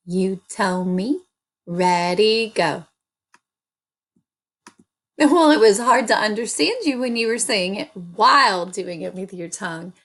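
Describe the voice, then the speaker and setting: Woman teacher doing a kids reading lesson, super slow, chanting steps over and over. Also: medium pitch, expressive. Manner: slow, deliberate, repeating chants for children. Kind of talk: early-grade reading lesson.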